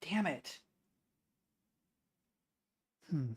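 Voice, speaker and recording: A woman streaming live and chatting casually to her viewers. She swears freely and mutters to herself, then bursts out loud. Her voice sits a little low. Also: measured pace, slightly rough. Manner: swearing, excitable, muttering between outbursts.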